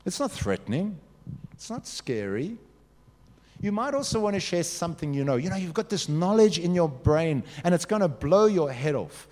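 Lively youth pastor in a reverberant hall. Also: male voice, a little high. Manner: animated, talks to the audience directly with quick acted asides. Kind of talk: youth sermon.

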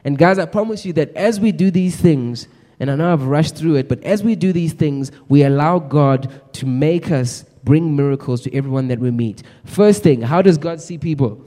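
A man delivers a sermon with earnest, exhorting energy, calling out questions to the congregation. His voice is mellow and fairly high for a man, and it rings through a church hall with a long reverb. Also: normal speed. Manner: earnest, exhorting, addresses the crowd directly. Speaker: preacher. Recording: echoey hall.

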